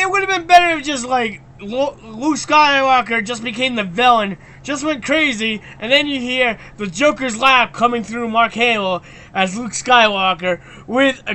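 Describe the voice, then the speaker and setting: Brief: male streamer, excitable and ranty, sharp bright tone, frequent stammered restarts. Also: extremely high pitch. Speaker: live stream host. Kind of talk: ranting casual live stream chat.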